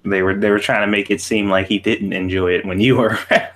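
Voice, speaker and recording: A man joins a casual stream chat with wry, laid-back remarks. His voice sits a bit low. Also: level tone, fast, fairly bright tone.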